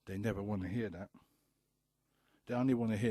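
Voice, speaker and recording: A man's voice: on the low side, steady tone, brisk, pauses often, dark tone, no room sound. A man hosting a radio talk show, ranting bluntly with profanity and hammering home repeated rhetorical questions. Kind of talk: impassioned radio monologue.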